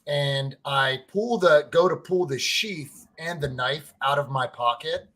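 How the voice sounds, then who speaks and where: A man co-hosting a casual sports podcast, telling stories in an animated way, swearing freely and saying "like" and "right?" a lot. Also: fairly high pitch, a little slow. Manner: excitable, fan-to-fan talk addressing listeners as family. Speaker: podcast co-host.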